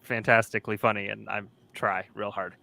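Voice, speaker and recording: Bright-voiced joking man on a livestream. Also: on the low side, flat delivery, fairly quick, gravelly, no echo. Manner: jokey, self-deprecating, chuckles often. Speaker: livestream co-host. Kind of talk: casual livestream chat.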